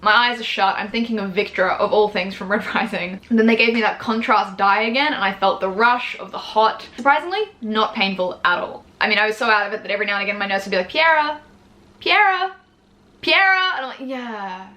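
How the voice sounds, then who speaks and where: A woman's voice: mid-range voice, fast talker, hardly any pauses, sharp tone. A woman in her twenties telling a personal story to camera in a frank, chatty way, swearing freely and acting out what people said. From Australia. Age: 20s. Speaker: vlogger.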